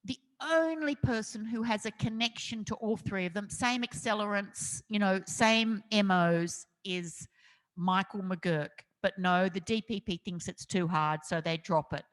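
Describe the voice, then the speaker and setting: A middle-aged Australian woman recounts her reporting days in animated, laughing anecdotes. Her voice sits at an ordinary pitch and carries a long reverb from a festival hall. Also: unhurried. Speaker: investigative journalist, guest. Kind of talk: storytelling interview on stage.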